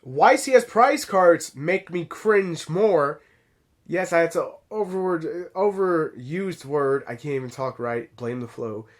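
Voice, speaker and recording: A man talks straight to his viewers in a loose, rambling opinion piece. His voice sits high and swings widely, and he swears casually and stumbles into restarts as he talks. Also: animated, takes it slowly. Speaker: channel host.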